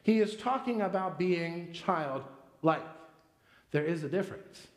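A man's voice: fairly high pitch, expressive, unhurried. A man in his thirties preaching a sermon in a church, conversational and full of personal stories. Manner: conversational, storytelling with personal anecdotes. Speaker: pastor. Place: church sanctuary. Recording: echoey church hall with long reverb.

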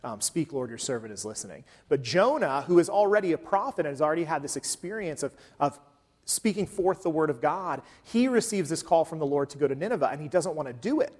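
Man, pastor, casual sermon delivery, slightly high voice, long reverb of a church hall. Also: expressive, quick pace, darkish tone. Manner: conversational, with frequent um fillers.

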